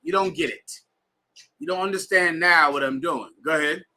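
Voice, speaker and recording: A man's voice: a little high, normal speed, pushed and bright. A man teaching a bible class to students in a room, emphatic and slangy, telling readers to keep going. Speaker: scripture class instructor.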